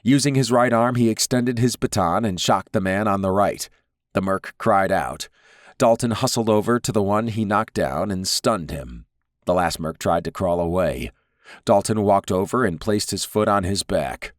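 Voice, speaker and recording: A man reading an audiobook as narrator, in measured, even storytelling. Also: sits low, no room sound, studio quality. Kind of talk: scripted narration.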